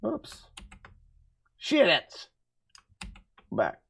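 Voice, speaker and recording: A man casually thinking aloud while working on his game, halting, self-correcting, and musing. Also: sits high, wildly swooping pitch, vocal fry, a bit bright, breathy edge. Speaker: game developer streaming his work.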